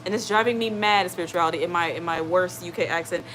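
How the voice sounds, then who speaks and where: Chatty woman hosting a live stream, lowish voice. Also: quick pace, fairly bright tone, slight background noise, poor audio. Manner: rambling and chatty, reads out viewer comments; reassuring, keeps asking "okay?". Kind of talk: casual live-stream chat.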